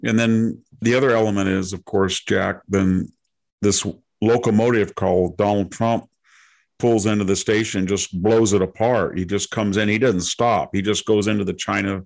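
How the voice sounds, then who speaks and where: A man with a low, gravelly voice full of fry, speaking as a guest in a relaxed interview. He wanders through long anecdotes and slips into voices to act out what people said. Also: normal speed. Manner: digressive anecdotes with acted-out quotes. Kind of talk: casual interview storytelling.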